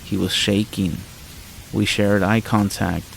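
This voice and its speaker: A man narrating a first-person horror story in a measured storytelling manner. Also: on the low side, little pitch movement, creaky, low-quality recording. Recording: faint rain noise behind voice. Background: rain sounds.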